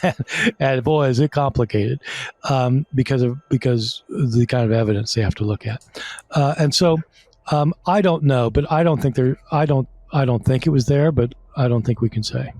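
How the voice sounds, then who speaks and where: A man's voice: medium pitch, normal speed, dark tone, no echo. A man explaining as a guest scholar in an interview, conversational, with many fillers and restarts.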